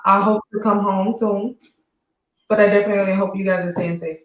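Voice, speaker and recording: A woman's voice: medium pitch, fairly even intonation, fairly quick. A woman guest on a live podcast, talking in a friendly, casual way and laughing easily. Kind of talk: casual live-stream chat. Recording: roomy echo.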